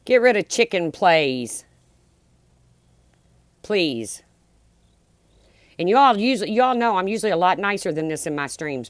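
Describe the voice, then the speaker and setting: A woman's voice: lowish voice, expressive, a little slow, long pauses, dry recording. Angry, profane woman ranting on a livestream. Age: middle-aged. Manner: blunt, profane, heated.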